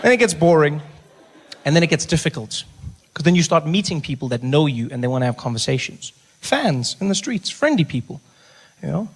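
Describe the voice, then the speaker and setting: A man from South Africa doing stand-up comedy, telling stories quickly and dropping into hushed voices for the characters. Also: on the high side, sing-song, husky.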